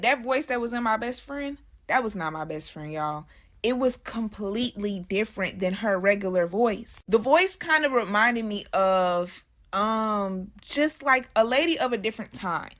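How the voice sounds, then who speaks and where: A woman's voice: medium pitch, a bit bright. Slangy young woman telling a spooky storytime. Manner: slangy, talks straight to viewers as y'all. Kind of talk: casual storytime.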